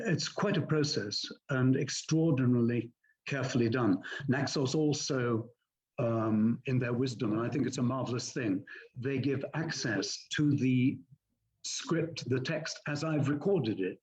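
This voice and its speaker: An older man, an audiobook narrator, explaining his craft in a measured, courteous, articulate way. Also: medium pitch, a little mellow, rough recording. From England. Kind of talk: interview answers, explaining narration technique.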